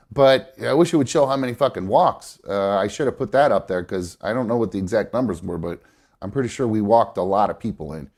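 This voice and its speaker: With a stuffy nose, this male host chats casually about baseball on a live show, wandering through his thoughts with plenty of fillers and restarts as he corrects himself. His voice sits at a medium pitch with a darkish tone.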